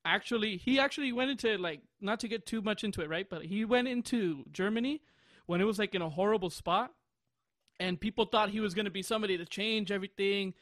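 A man's voice: high-pitched, fast, a bit bright, dry recording, clean studio sound. A man in his twenties, hosting a podcast, chatting casually and telling a long rambling story with bursts of laughter. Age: 20s. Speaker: podcast host. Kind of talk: casual chat.

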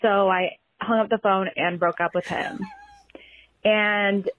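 A young woman from Oregon leaves a chatty voice message, telling her story to a podcast host. The recording is dull and lo-fi, and her voice sits at an ordinary middle pitch. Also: fairly even intonation, slow pace. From Oregon, USA. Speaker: caller.

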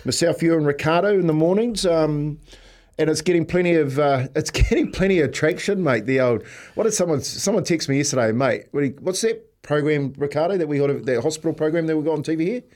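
A man's voice: a little high, fairly quick, darkish tone. A man with a New Zealand accent co-hosting a breakfast radio show, rambling and chuckling as he chats casually. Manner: rambling, chuckling, says "mate" often.

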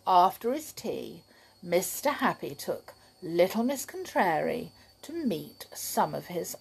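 A woman's voice: medium pitch, creaky, husky. A woman reading a children's story and chatting playfully with young listeners.

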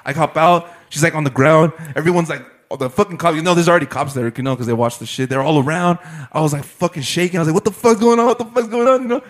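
A man's voice: fairly high pitch, fast. A young man telling a rambling story in casual chat with friends, full of swearing, fillers and laughter.

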